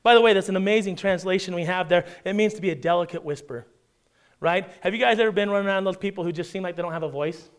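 A male pastor with a fairly high voice delivers a sermon in a conversational way. He keeps asking his listeners to agree, then drops his voice to a hush before rising again. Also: fast talker, clear, resonant tone. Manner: dramatic swings from loud emphasis to hushed near-whisper; conversational, asks the congregation "right?".

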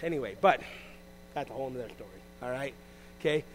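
A man preaching a sermon as pastor, animated, swinging between loud exclamations and hushed asides. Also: medium pitch, fast talker, a little hiss or hum, rough recording.

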